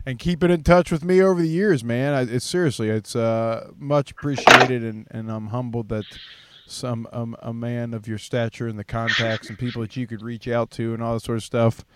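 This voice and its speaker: A man's voice: mid-range voice, steady tone, normal speed, heavy background noise. A man hosting an interview, thanking his guest at length in an earnest, effusive way. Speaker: podcast host. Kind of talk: casual interview chat.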